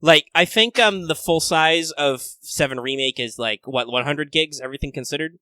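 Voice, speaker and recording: Animated swearing man, bright voice. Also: fairly high pitch, no room sound. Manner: animated, swearing, quick impressions. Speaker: podcast co-host. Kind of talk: casual chat.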